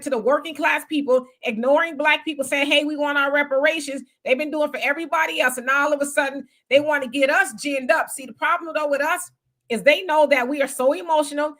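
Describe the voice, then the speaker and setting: A woman's voice: sits high, fairly bright tone. A woman hosting a livestream commentary, talking in a loose conversational way and firing off emphatic rhetorical questions. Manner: loose conversational street talk. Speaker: commentary host.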